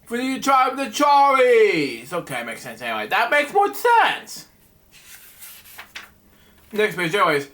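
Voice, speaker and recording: Man hosting a bedtime story reading. Rambles, keeps saying "anyway". High, bright voice. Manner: rambling asides, repeated "anyway". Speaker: host reading a children's book. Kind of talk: casual storybook reading with commentary.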